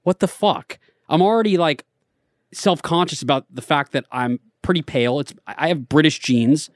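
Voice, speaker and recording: Podcast cohost in his thirties, rambling profane story guy, slightly higher voice, dry close sound. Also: animated, normal speed, dry recording. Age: 30s. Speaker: podcast co-host. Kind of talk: casual chat.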